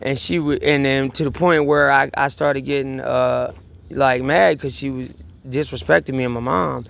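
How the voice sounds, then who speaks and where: A man's voice: medium pitch, steady tone, normal speed, vocal fry, a bit bright. A man telling a story in a rambling personal rant, agitated and profane, repeating himself and restarting sentences. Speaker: vlogger.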